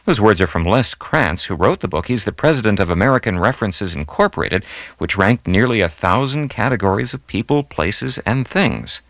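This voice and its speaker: A man hosting a classical music radio program, reading his script in a measured way and going slowly over details. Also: lowish voice, expressive, a bit bright, dry recording. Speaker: radio host.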